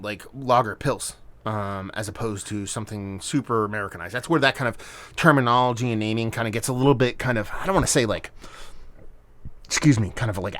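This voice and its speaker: A man's voice: lowish voice, fairly bright tone. A man giving a casual solo beer review, rambling and hedging with plenty of fillers and restarts.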